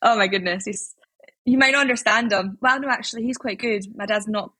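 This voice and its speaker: A woman's voice: fairly high pitch, pushed and bright, no echo. A young woman, a podcast guest, talking in a rambling, upbeat way in a casual interview. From Scotland. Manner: rambling, upbeat, quick talker.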